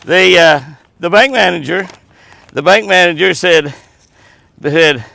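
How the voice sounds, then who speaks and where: A man hosting a casual chat while he walks in the woods, folksy and quick to chuckle, cooing sweetly at his dogs between stories. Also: sits high, gravelly, sharp tone, no echo. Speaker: host. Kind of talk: casual outdoor chat to camera. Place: outdoors, walking in the woods.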